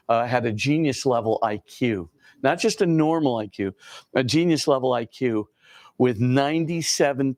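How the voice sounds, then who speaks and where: A priest giving an informal lecture to a class, talking conversationally with many fillers and acting out quoted dialogue. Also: male voice, medium pitch, no room sound, studio quality.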